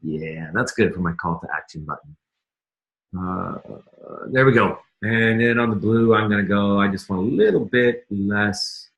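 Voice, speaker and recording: A man's voice: lowish voice, measured pace, creaky, fairly bright tone, roomy sound, highs cut off. A man giving a casual marketing lesson while clicking through his screen, chatty and full of fillers and restarts. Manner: chatty, self-interrupting, many fillers. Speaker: marketing instructor. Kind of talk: casual screen-share teaching.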